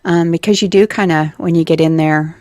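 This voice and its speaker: A woman's voice: deep voice, steady tone, fairly quick, a little mellow, dry recording. A middle-aged woman co-hosting morning radio, chatting and reading lists conversationally in a studio. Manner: conversational, reads lists, trails off. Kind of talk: casual radio chat. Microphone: studio mic.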